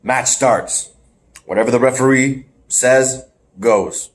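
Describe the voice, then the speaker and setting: A man co-hosting a casual podcast, rambling through a wrestling match recap with animated play-by-play and the odd laugh. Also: mid-range voice, slow pace. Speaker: podcast co-host. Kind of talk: casual wrestling review chat.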